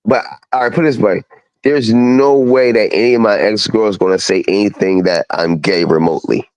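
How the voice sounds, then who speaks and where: A man's voice: on the low side, steady tone, normal speed, darkish tone, no echo, rough recording. A male host chatting casually, rambling and leaning on fillers like "you know what I'm saying". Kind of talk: casual chat.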